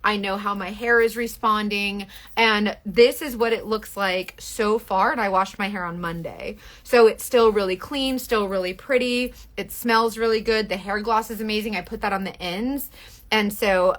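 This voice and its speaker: A young woman, chatting casually through a live-stream makeup tutorial, gushing over products and quickly apologizing for her own bluntness. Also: mid-range voice, fairly even intonation, fairly bright tone. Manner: chatty, gushing, quick self-deprecating asides.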